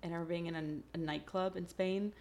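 Chatty young woman, low voice. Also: fairly even intonation, quick pace, a little mellow, a little hiss or hum. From Texas, USA. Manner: chatty, laughing, heavy use of "like". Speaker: podcast host. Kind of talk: casual chat.

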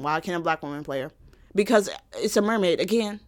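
A woman vlogger giving her opinion in a sassy, animated casual rant with laughing asides. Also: lowish voice, fast, no room sound.

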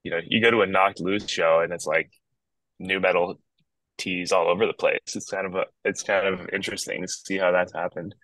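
A very low-voiced man from Northern Ontario in a relaxed, rambling podcast chat, often restarting his sentences. He talks from his backyard over a video call. The sound is dry and close. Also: fairly quick, dry recording, rough recording. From Northern Ontario, Canada. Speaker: guest musician.

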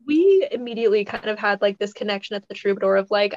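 A woman co-hosting a podcast, telling a story in a rambling, animated casual way and laughing as she goes. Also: mid-range voice, fast, dry recording, lo-fi sound. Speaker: podcast co-host.

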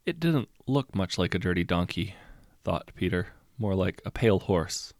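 A man reading a short story aloud as narrator, in a measured, understated storytelling manner. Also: sits low, animated, a little mellow, no room sound, studio quality. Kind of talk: scripted audiobook narration.

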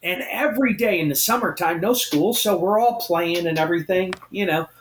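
A man co-hosting a podcast, telling a story in a casual, animated way and acting out what others said. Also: high-pitched, normal speed, reverberant, slight background noise. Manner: animated, acts out quotes of others. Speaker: podcast co-host.

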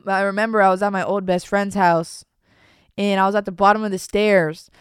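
A young woman hosting her podcast talks briskly in a medium-pitched, level voice that's clear and resonant. Her confessional chat rambles with fillers, repeated restarts, and casual slang such as "bro." The audio is dry and clean, studio quality.

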